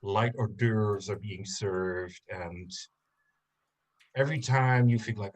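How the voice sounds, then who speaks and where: A man narrating a tabletop game as game master, in slow, halting narration with many fillers. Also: fairly low pitch.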